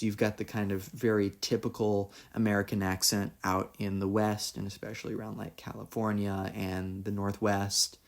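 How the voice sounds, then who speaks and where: A man's voice: lowish voice, darkish tone. A man giving a solo philosophy lecture, explaining ideas in a loose, conversational way and reading quoted passages aloud.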